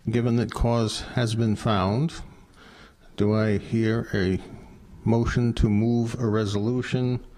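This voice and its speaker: A man's voice: medium pitch, a little mellow. A man serving as council vice president, chairing the meeting and reading motions in a formal, procedural way. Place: council chamber.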